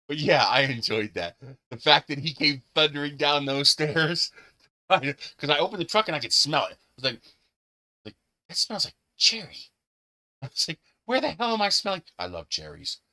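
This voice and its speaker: A man's voice: mid-range voice, sing-song, normal speed, sharp tone. A man hosting a live stream, telling stories in casual chat, laughing often and swearing freely. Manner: laughs often, profane, gleeful storyteller.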